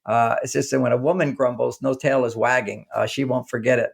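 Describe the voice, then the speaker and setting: A man, an author being interviewed, talking casually and telling animated stories in which he acts out the dialogue. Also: mid-range voice, a little fast, vocal fry, slightly rough. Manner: animated storyteller acting out quoted dialogue. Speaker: author and guest.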